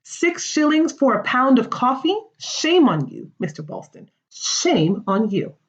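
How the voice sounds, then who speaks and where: A woman's voice: high-pitched, very animated, a little slow. A woman reading the part of a stern colonial woman confronting a merchant, in a slightly muffled recording.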